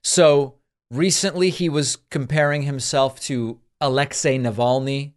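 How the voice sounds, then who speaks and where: A man's voice: mid-range voice, fairly even intonation, unhurried, clear, resonant tone. A man hosting a political commentary show, sarcastic and incredulous as he reacts to clips.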